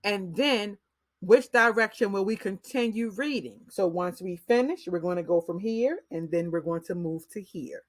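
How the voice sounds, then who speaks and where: A woman teacher walks parents through reading skills at a measured, deliberate pace. Her voice sits in a middle pitch. The sound is close and dry, with no room around it. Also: no room sound. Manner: slow, deliberate modeling of read-aloud pacing. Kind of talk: instructional explanation for parents.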